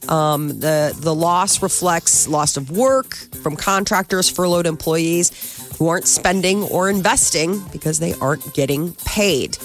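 A woman's voice: fairly low pitch, unhurried, faint music behind. A woman reading radio news headlines in a loose, casual way, with fillers and self-corrections. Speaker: news reader on a radio show.

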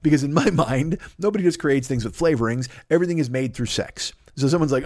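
A man's voice: on the high side, fast talker, few pauses, dry recording, clean studio sound. A man in his fifties telling a rambling, crude comic monologue as a podcast host. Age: 50s. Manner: rambling, crude, animated storytelling.

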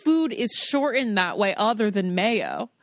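A woman's voice: mid-range voice, big pitch swings, measured pace, no room sound, clean studio sound. A woman co-hosting a podcast, chatting casually and playfully while asking quirky questions. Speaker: podcast co-host. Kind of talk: casual chat.

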